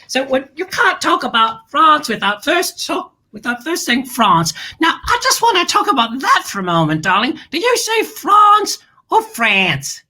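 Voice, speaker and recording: Grand gushing lady host, high voice, bright tone, theatrical kids' show. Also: very animated, a little slow, heavily acted. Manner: flamboyant, calls everyone darling.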